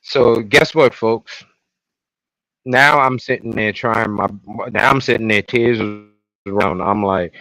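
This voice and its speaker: A man co-hosting a podcast, recapping a TV episode in casual chat and breaking into loud, exasperated outbursts. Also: fairly low pitch, slow pace, vocal fry, no echo, rough recording. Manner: animated, bursts into loud exasperated outcries. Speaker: podcast co-host.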